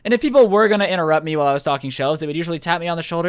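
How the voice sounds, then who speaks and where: A young man telling a storytime vlog about his first job in an animated, sarcastic rant. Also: a little high, fast, smooth, dry recording, studio quality. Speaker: vlogger.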